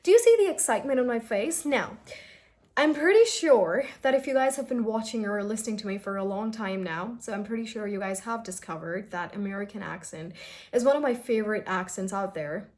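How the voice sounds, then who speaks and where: A woman's voice: medium pitch, a little mellow. Young woman from india, casual pronunciation teacher, chatty, stretches out example sounds. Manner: chatty, drawn-out demonstration of sounds. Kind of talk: casual spoken-English lesson.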